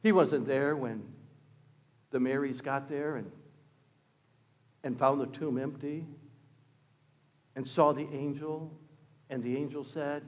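A pastor telling a story in a sermon, swinging from loud exclamations to hushed words. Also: male voice, medium pitch, fairly even intonation, takes it slowly, pauses often, big-room sound. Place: church.

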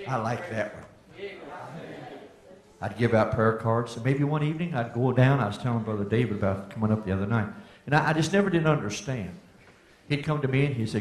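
A man's voice: medium pitch, expressive, normal speed, long pauses, some chatter behind. An older American man telling testimony stories in a folksy sermon, sometimes building to fervent exclamations, in a church. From United States. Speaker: preacher giving testimony. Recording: echoey church hall.

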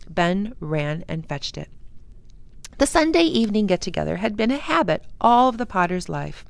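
A woman's voice: lowish voice, vocal fry, dry recording. A woman who works as a children's librarian reading a chapter book aloud for kids. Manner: slow, expressive. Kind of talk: storybook read-aloud for children.

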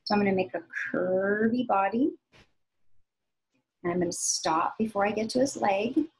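Lady art teacher talking little kids thru a drawing step by step, kinda gravelly, patient and singsongy. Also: mid-range voice, poor audio. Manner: slow, patient, sing-song instructions to kids. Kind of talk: step-by-step drawing lesson for young children.

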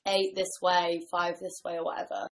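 Dry, deadpan woman. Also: lowish voice, moderate pace, background noise. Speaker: livestream co-host. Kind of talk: casual chat.

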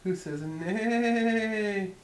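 A woman's voice: mid-range voice, very slow. A woman reading a picture book to a toddler, asking coaxing questions and imitating animal noises in a sing-song voice. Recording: roomy home video.

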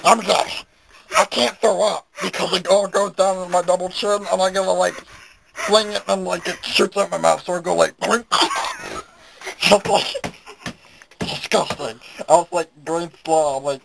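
A man's voice: high-pitched, normal speed, gravelly, fairly bright tone, slight background noise, heavily acted, poor audio. A man putting on the voice of a goofy, self-mocking young guy who rambles, stammers and giggles. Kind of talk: comic character monologue.

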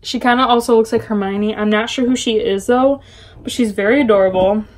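A woman excitedly unboxing a package in her bedroom for a casual book vlog, gushing and chatty. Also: on the high side, fairly quick. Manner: gushing, chatty, full of little gasps and exclamations. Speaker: book vlogger.

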